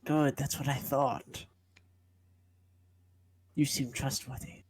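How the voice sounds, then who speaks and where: A man voicing a sickly masked male pilgrim who speaks in a slow, solemn, cryptic way. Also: medium pitch, level tone, breathy edge, no echo. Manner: slow, solemn, odd delivery.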